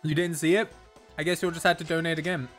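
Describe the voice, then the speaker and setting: A man's voice: on the high side, little pitch movement, quick pace, a bit bright, soft background music. A young man streaming a racing game from his bedroom, chatting casually, swearing often and laughing a lot. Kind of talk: casual gameplay commentary.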